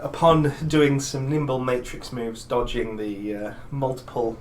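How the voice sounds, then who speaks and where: A man playing in a tabletop game, describing his character's moves in a playful, unhurried way. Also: medium pitch, a little hiss or hum. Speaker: player. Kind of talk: casual tabletop game play. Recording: distant mic with music behind.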